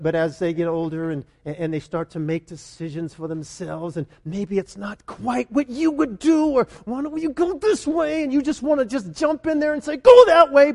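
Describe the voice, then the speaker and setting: A man preaching a sermon in an animated, conversational way, with emphatic repetition. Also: sits high. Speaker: pastor.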